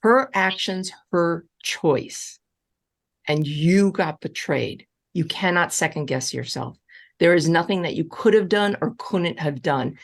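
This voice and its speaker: A woman's voice: slow pace, creaky. A woman relationship coach answering audience questions in a live online session, speaking emphatically and repeating key reassurances. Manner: animated, with wide swings in pitch.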